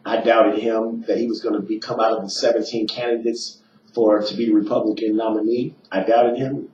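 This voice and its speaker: A man's voice: lowish voice, level tone, moderate pace, darkish tone. Emphatic male talk radio host, roomy and distant. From eastern United States. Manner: emphatic, rambling, with filler "uh"s and restarts. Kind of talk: political talk monologue. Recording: roomy, distant, dull, slightly noisy.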